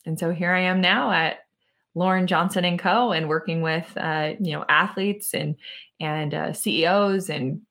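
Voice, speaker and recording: A woman in her thirties, a mental conditioning coach and podcast guest, telling a personal story in a lively way with many fillers. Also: lowish voice, normal speed.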